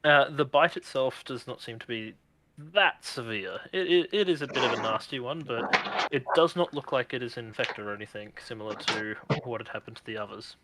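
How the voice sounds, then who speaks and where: A man narrating as game master on a video call, describing the action in a relaxed way and laughing often. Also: mid-range voice, fairly quick, very noisy.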